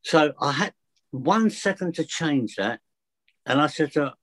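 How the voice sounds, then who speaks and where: Man, fear of flying coach, casual anecdotal storyteller, mid pitch. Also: lively intonation, unhurried. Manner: chatty anecdotes with acted dialogue.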